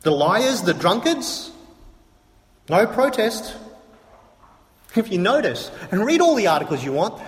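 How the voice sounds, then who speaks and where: A man's voice: high voice, big pitch swings, unhurried, long pauses. A man preaching a sermon to a congregation, emphatic and repetitive, asking rhetorical questions. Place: church hall. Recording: echoey hall from a distance.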